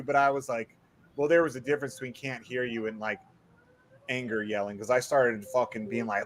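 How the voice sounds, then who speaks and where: A man's voice: medium pitch, fairly quick. A man in casual chat, telling a story with lots of swearing and acting out what people said. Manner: profane, animated, acts out quotes.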